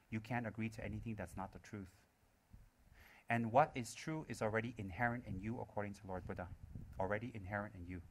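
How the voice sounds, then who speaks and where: Man teaching with a playful, teasing tone. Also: fairly low pitch. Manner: playful, teasing listeners between points; rhetorical questions and repeated phrases. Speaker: Buddhist teacher. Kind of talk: live Dharma talk to an audience.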